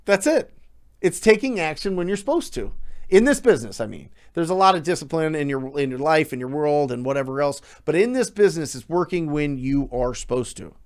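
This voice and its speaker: Energetic emphatic male coach. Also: fairly high pitch, a little fast. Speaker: real estate coach. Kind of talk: motivational talk.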